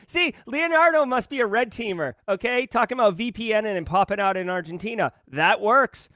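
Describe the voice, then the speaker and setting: A man's voice: high voice, moderate pace, fairly bright tone, no echo, studio quality. A man hosting a daily livestream in casual, upbeat chat, greeting viewers by name. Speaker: livestream host.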